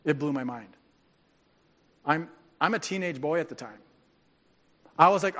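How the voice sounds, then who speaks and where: A man preaching a sermon as a pastor, animated and joking, acting out quoted voices. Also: fairly high pitch, unhurried, long pauses, in a large hall. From grew up on a farm.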